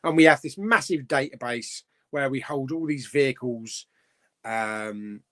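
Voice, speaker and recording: A man's voice: medium pitch, a little slow, fairly bright tone. A middle-aged man hosting a casual live stream, chatting about films and reading out viewer comments, rambling with fillers and chuckling often.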